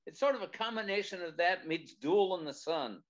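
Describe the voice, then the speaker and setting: A man, a screenwriter guest, describing a project in casual chat, halting and searching for words. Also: sits high, expressive. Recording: slightly dull lo-fi audio.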